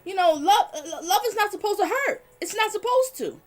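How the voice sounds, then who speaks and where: A woman's voice: extremely high pitch, expressive, normal speed, faint music behind. A woman, hosting a livestream in a blunt, outspoken way, swearing and talking to her chat. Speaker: livestream host. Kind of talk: casual livestream talk.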